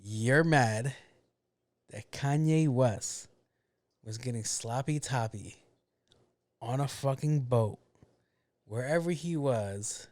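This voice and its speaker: A man's voice: medium pitch, darkish tone, dry recording. A man hosting a casual solo podcast, ranting bluntly with a lot of swearing and grumbling to himself about his own mistakes. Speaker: podcast host.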